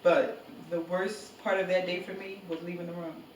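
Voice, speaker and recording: A woman sharing memories of a painful day in a casual family conversation, reflective and quiet. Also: fairly low pitch, level tone, normal speed. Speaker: one of the sisters in a family talk. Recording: roomy sound from a distance, faint background hiss.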